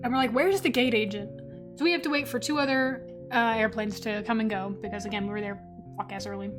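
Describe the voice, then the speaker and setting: A woman's voice: fairly high pitch, fast, music in the background. A woman streamer chatting casually while she draws, telling a story with frequent laughter and plenty of swearing. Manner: animated, laughs often, swears freely.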